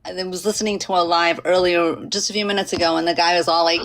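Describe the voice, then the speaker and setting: A woman's voice: fairly low pitch, fairly even intonation, quick pace, hardly any pauses, noisy background. Upset woman venting on a live stream.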